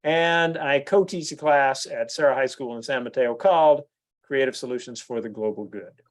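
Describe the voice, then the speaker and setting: A man's voice: medium pitch, moderate pace. A man, giving a speech at a club meeting and telling stories with lots of restarts and fillers. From United States. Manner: animated storyteller, frequent restarts and "you know". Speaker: guest speaker at a club meeting. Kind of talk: anecdotal speech.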